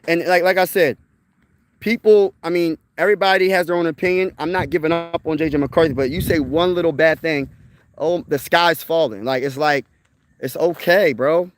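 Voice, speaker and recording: A man's voice: on the high side, normal speed, dry recording. A young man hosting casual sports talk, emphatic and rambling, tossing in "bro" and "man" as he makes his point to viewers. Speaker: sports channel host.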